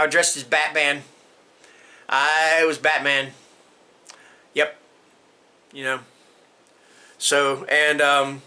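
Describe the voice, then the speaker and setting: A man's voice: a little high, sharp tone. An American man in his fifties chatting through a casual question list for his book channel, rambling and stopping to restart, with joking asides. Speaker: book vlogger. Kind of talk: casual Q&A tag video.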